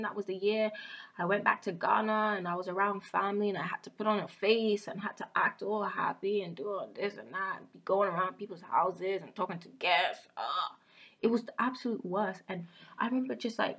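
A young woman hosting a podcast, telling a personal story candidly and often dropping into hushed, whispered asides. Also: medium pitch. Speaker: podcast host. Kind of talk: casual confessional monologue.

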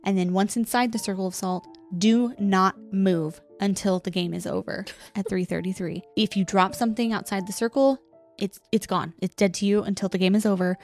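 Woman podcast co-host, steady mid-pitched voice, deliberate rule-reading, faint music behind. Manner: reads rules slowly and deliberately, laughs often. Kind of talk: casual podcast chat, reading out game rules.

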